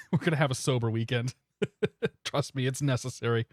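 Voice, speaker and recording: A man streaming a flight simulator, chatting casually and in a relaxed way with viewers, often chuckling. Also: mid-range voice, moderate pace, no room sound. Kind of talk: casual live-stream chat.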